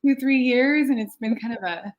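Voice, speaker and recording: A woman's voice: on the high side, moderate pace. A woman with a French accent, a filmmaker guest chatting casually and laughing often between her answers. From France. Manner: giggly, frequent laughter and fillers. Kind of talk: casual interview chat.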